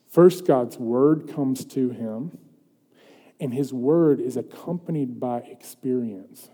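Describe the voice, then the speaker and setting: Earnest preacher in a reverberant hall. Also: male voice, medium pitch, slow pace, breathy edge. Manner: earnest, swings from loud emphasis to hushed intimacy. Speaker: pastor. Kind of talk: sermon.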